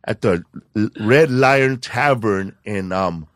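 A man co-hosting a podcast, telling a rowdy story in loose, profane casual chat that breaks into loud excited bursts. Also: fairly low pitch, slow, dry recording, studio quality. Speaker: podcast co-host.

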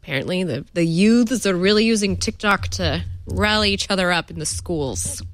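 A woman's voice: lowish voice, lively intonation, normal speed, no echo. A woman on a tech panel, chatty and wry in casual conversation.

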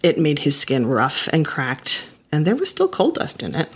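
A woman tells a family story in the first person, her delivery intimate and reflective. Her voice is on the low side with a husky, slightly breathy texture. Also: huge pitch swings, moderate pace.

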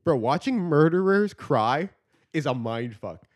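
A man hosting a podcast in casual chat, slangy and profane, laughing often and getting animated when he tells stories, on a studio microphone. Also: a little high, unhurried.

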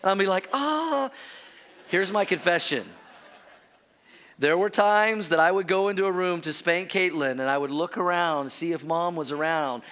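A man preaching a sermon, telling family stories with acted-out voices, then turning soft and earnest. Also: high-pitched. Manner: animated storytelling, acting out his child's pleading voices; drops to a soft, slow earnest tone for the teaching. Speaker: pastor.

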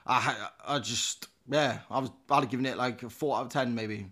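Bloke on a pod, bright tense voice, teasing banter. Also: male voice, mid-range voice, a little fast. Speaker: podcast co-host. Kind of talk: casual chat.

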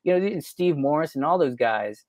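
On a podcast interview, a producer-engineer loosely rambles through studio anecdotes, leaning on "you know" and chuckling at himself. He speaks at normal speed in a fairly high, lively voice with a darkish tone, recorded without room sound.

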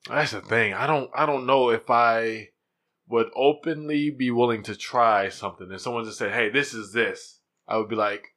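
A man's voice: medium pitch, fairly even intonation, moderate pace, a bit bright. A man hosting a casual podcast, teasing and bossing his co-host in jokey banter.

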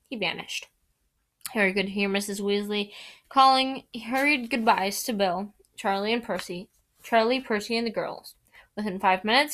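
A woman's voice: medium pitch, a bit bright. A woman reading a novel aloud in a casual, unpolished way, correcting her own slips. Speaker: audiobook reader.

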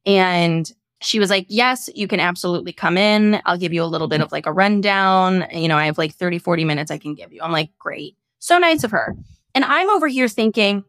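A woman's voice: medium pitch, normal speed, no room sound, studio quality. A young woman hosting a podcast, telling a personal story casually and acting out the voices of the people in it, with frank, casual swearing. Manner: animated, acts out quoted voices. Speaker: podcast host.

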